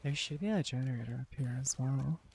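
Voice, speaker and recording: A relaxed streamer talking through a live game in a soft, hushed voice that leans toward ASMR. The tone is mellow and dark, with a rambling, easygoing flow and frequent small laughs. Mid-pitched and unhurried. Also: vocal fry, slight background noise. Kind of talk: casual live gameplay chat.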